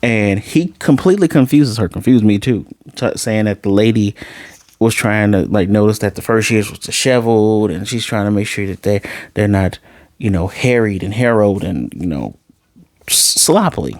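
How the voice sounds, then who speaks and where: A man's voice: lowish voice, moderate pace, a little mellow, no room sound. A man giving a chatty, amused review of an episode and retelling its scenes. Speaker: anime reviewer.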